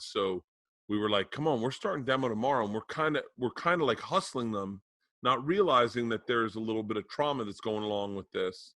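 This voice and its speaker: A man's voice: on the low side, bright, forceful tone, no echo. A middle-aged man co-hosting a podcast, telling a rambling, profane, emotional story in casual chat. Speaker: podcast co-host.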